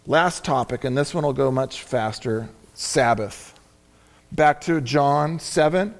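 A man's voice: fairly high pitch, expressive, a little slow. A male pastor preaching a sermon, repeating key phrases for emphasis and dropping in casual asides.

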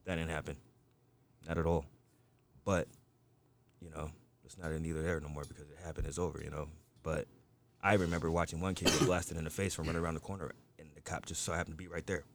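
A man's voice: a bass voice, little pitch movement, quick pace, slight background noise. A man in casual group chat, telling a rambling, profane story packed with "you know" and "like". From United States.

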